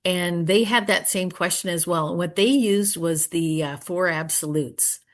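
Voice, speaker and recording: A woman speaking at a recovery meeting, earnest and prayerful, often trailing off softly and pausing to search for words. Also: lowish voice. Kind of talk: personal share and Q&A answer.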